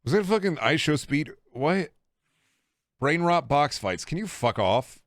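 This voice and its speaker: A young man streaming a video game, chatting casually with a rambling, jokey, profane manner and sudden excited outbursts. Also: fairly high pitch, a little slow, no room sound. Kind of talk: casual gaming stream chat.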